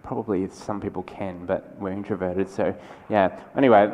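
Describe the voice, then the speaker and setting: A man's voice: fairly low pitch, lo-fi sound. Man giving a keynote. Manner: conversational and energetic, with quick asides and restarts. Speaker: keynote speaker. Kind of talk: conference keynote talk. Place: large lecture hall. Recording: lecture hall with long reverb.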